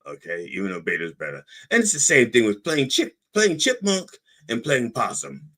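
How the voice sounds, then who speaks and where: A man's voice: mid-range voice, huge pitch swings, moderate pace, pushed and bright. A man hosting a podcast in a casual monologue, rambling and digressing as he talks. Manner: rambling, digressive, self-interrupting. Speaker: podcast host.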